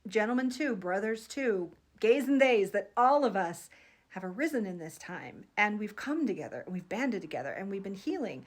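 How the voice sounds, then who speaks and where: A woman's voice: medium pitch, expressive, normal speed. A woman in her thirties, a psychic, telling a vivid dream to her viewers in an earnest, emotional vlog monologue. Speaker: psychic vlogger.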